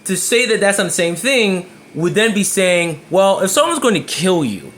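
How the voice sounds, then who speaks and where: A man's voice: sits high, very animated, normal speed, fairly bright tone, a little hiss or hum. Emphatic man telling his story. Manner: emphatic, repeats and restarts words. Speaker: vlogger. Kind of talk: personal story to camera.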